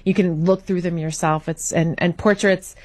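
A woman guest on a radio talk show, telling history in an animated way with many fillers. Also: fairly low pitch, normal speed. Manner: animated storytelling with frequent fillers. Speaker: guest author. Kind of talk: radio interview.

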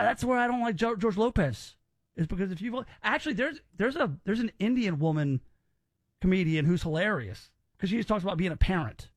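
A man's voice: high voice, no room sound, clean studio sound. A man hosting a podcast, giving opinions in casual chat and often repeating words as he restarts. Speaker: podcast host.

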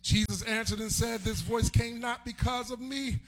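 A man delivering a sermon, chanting his lines and swelling into shouts. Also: very high voice, steady tone, moderate pace. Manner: chanting, sing-song preaching that swells into shouts. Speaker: preacher.

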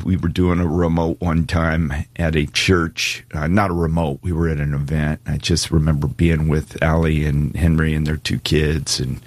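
A man's voice: rumbling low, no echo. A male radio co-host in casual on-air chat, jovial and teasing, laughing often.

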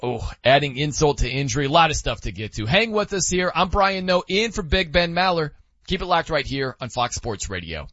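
A man's voice: a little high, big pitch swings, fairly quick, fairly bright tone, dry recording. A man hosting a sports radio show, talking emphatically with sarcastic asides, sounding slightly dull. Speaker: sports radio fill-in host. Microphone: studio microphone.

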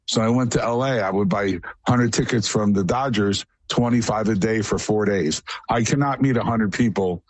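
A man's voice: lowish voice, normal speed, few pauses, no echo. A man guest in a casual radio interview, telling long, rambling stories in a matter-of-fact way.

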